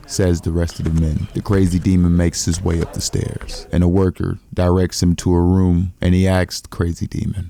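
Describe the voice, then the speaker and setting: A man narrating a comic recap in plain, steady storytelling. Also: low-pitched, moderate pace, vocal fry, hardly any pauses, no echo.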